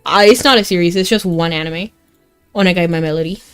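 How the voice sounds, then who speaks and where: A woman's voice: fairly low pitch, fast, clear, resonant tone. A young woman streaming a game, chatting casually and rambling to her chat with frequent giggles. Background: faint game music.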